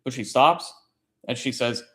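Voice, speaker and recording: A man's voice: medium pitch, a little slow, bright, forceful tone. A man hosting a casual late-night chat stream, telling a long story in a rambling, profane way. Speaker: livestream host; military service member.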